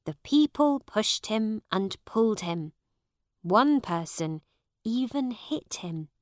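Woman, narrator, slow clear storybook reading, measured delivery, dry close mic. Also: mid-range voice, animated, no room sound.

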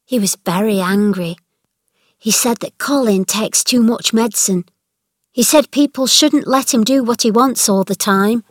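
A woman's voice: fairly high pitch, measured pace, dry recording, clean studio sound. A woman voicing a chatty young housemaid. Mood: confiding. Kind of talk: read-aloud storybook dialogue.

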